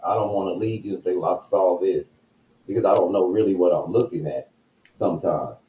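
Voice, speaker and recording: Man, very low voice, dark and mellow tone, direct, personal storytelling, echoey room. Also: a little fast, slight background noise. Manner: direct, uses himself as the example.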